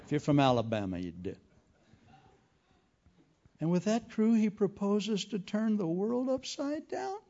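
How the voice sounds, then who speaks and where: A man's voice: high-pitched, unhurried, pauses often. A man preaching a humorous sermon as an evangelist, telling folksy stories with jokes. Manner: folksy, joking, animated storytelling. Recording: dull lo-fi recording.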